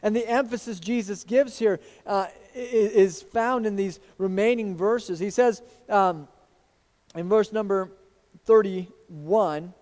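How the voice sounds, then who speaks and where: Higher-voiced preacher in a reverberant church. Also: male voice, slow pace, darkish tone. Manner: earnest preaching, teasing aside to a congregant. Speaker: pastor. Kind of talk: sermon. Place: church sanctuary.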